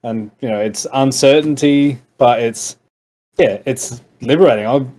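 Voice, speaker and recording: A man hosting a podcast, chatting casually in a relaxed, agreeable and reflective way. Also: medium pitch, a little slow. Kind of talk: casual chat.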